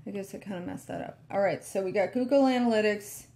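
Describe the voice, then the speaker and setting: A woman's voice: medium pitch, quick pace. A woman tech vlogger casually walking through a screen recording, talking to herself as she works, sleepy and yawning. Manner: talks to herself while working, relaxed and chatty.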